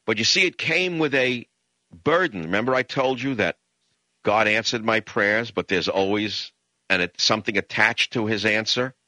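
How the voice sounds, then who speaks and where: An older man from the Bronx, New York, delivers an impassioned talk-radio monologue at a moderate pace, his low voice hard and forceful. He rants emphatically and swings up high into mocking outbursts. The recording is dry and close, with no room sound.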